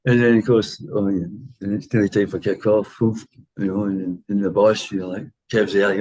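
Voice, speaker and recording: A man's voice: on the low side, flat delivery, fairly quick, darkish tone, poor audio. A man in his sixties with an English accent, a former footballer telling dressing-room stories in a casual interview, full of laughs and quoted voices.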